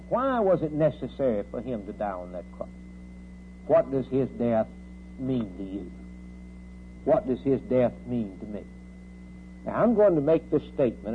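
A man preaching a sermon, asking the listener question after question, rising to loud outbursts and dropping to low, quiet lines. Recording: tinny phone-like old sermon recording with faint hum.

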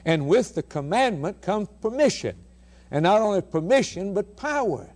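Guy preaching on the radio, emphatic, keeps asking rhetorical questions, goes loud then quiet. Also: high-pitched, sing-song, moderate pace. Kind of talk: sermon.

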